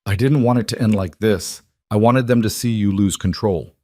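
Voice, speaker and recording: A man's voice: on the low side, normal speed, mellow, dry recording, lightly acted. A man voicing a cruel, sneering young werewolf villain who mocks his brother in an audiobook. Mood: cold. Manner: taunting, mocking.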